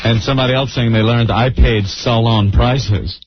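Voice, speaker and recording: A male radio co-host who drops short, dry quips. His voice has an ordinary male pitch. The recording sounds dull and lo-fi, with a clearly audible hiss. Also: steady tone, normal speed. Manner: wry, short dry interjections. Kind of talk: casual radio banter.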